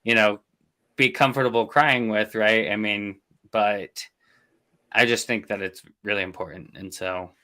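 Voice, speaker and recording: A man's voice: on the low side, fairly even intonation, measured pace, bright, forceful tone. A man hosting an interview show, asking rambling questions with many fillers. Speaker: host. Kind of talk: casual interview chat.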